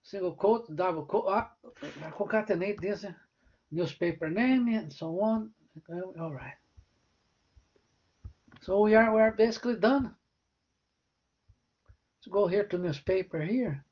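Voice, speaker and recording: Male professor, unhurried live-coding lecturer who checks in after each step, dull low-fi recording. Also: breathy edge. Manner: talks through code step by step, often asking "né?" or "right?".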